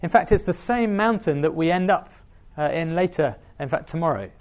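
A man's voice: a little high, lively intonation, normal speed, darkish tone. A man preaching a sermon, reading scripture aloud and asking the listeners questions.

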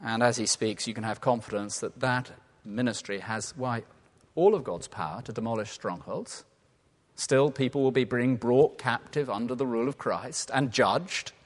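Male preacher from England, mid-pitched, animated and playful, earnest when quiet, echoing hall. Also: moderate pace. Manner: animated, playful asides and laughter, drops to quiet earnest tones. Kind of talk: sermon. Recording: long reverb of a large hall.

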